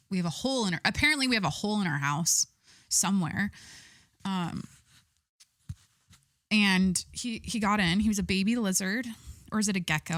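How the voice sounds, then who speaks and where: Young adult woman, podcast host; candid, rambling casual chat, middle pitch, dry close recording. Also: fairly bright tone, no echo. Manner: rambling, candid, lots of "like" fillers.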